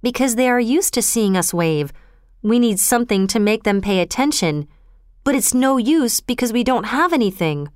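A woman's voice: a little high, expressive, moderate pace, darkish tone, smooth, no room sound, clean studio sound, close to an everyday voice. A woman voicing a brave young boy who gives urgent commands. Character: brave bossy young boy, quick to lead.

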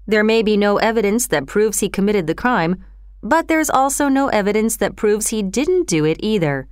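Stern dismissive older magistrate, read by a woman, crisp tone, dry close sound. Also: medium pitch, animated, moderate pace, no room sound, natural voice. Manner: curt and dismissive.

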